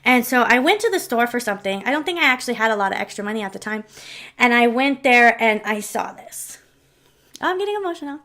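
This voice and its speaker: Here a woman vlogger speaks a little high, animated and fairly quick, with a pushed, bright quality. She tells her viewers a personal story casually to camera, rambling and heartfelt, with frequent restarts and asides.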